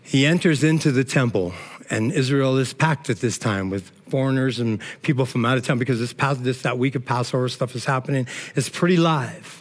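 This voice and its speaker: A man's voice: medium pitch, fairly quick. A middle-aged male pastor preaching a sermon in an emotional, conversational way, often tossing in "man" and "all right".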